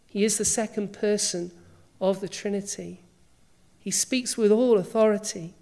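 A woman's voice: medium pitch, steady tone, unhurried, creaky, dark tone. A woman preacher delivering a sermon, emphatic and full of rhetorical questions.

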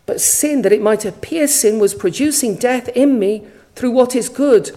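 A woman's voice: a little high, normal speed, warm tone, low-quality recording. A woman preaching a sermon, reading scripture aloud with earnest emphasis and rhetorical questions.

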